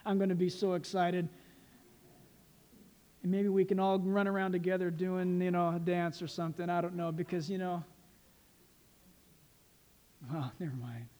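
High-voiced joking preacher man. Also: normal speed, pauses often. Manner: animated and joking, laughs at his own quips. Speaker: pastor. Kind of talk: sermon.

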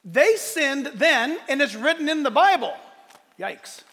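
A man preaching a sermon, animated and joking, slipping into playful voices for the characters he describes. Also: very high-pitched, unhurried. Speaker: pastor. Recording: hall reverb.

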